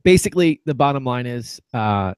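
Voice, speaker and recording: Male podcast host, dry close sound, wry banter, mid pitch. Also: lively intonation, moderate pace, clear, resonant tone, no echo. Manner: wry, reads out listener messages. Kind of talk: casual sports talk.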